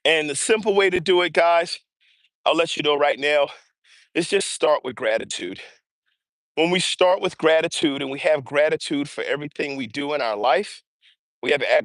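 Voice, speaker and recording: Breathy, high-voiced man walking outdoors. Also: no room sound, studio quality. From US East Coast. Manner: energetic, chatty, greets viewers by name. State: audibly breathing hard while walking. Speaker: motivational livestream host. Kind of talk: casual livestream chat while walking. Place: outdoors on an early-morning walk. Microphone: earbuds or small mic.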